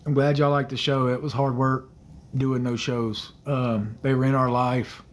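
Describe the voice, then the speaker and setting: A man in his thirties hosting a phone livestream, answering viewer comments in a hesitant, soft-spoken way with many fillers and quiet trailing murmurs. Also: mid-range voice, little pitch movement, a little slow, poor audio. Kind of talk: casual livestream chat.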